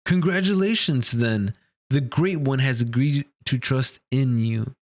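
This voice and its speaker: A man's voice: medium pitch, measured pace, dry recording, close to an everyday voice. A man reading out the lines of a formal, cold official elder plainly from a comic page.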